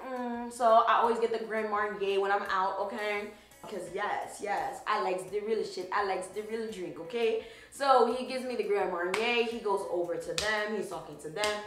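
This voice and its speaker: A woman's voice: mid-range voice, moderate pace, a bit bright, roomy sound, soft background music, rough recording. A young woman vlogger telling a dating story in a casual, sassy way, swearing freely. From Haitian background.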